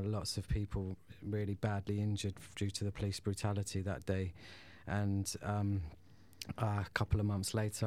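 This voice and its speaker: A man speaking as a guest in a radio studio, in a low voice with a flat, steady tone. He talks hesitantly, pausing with ums and restarting sentences. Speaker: guest, former prisoner. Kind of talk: radio interview, personal story.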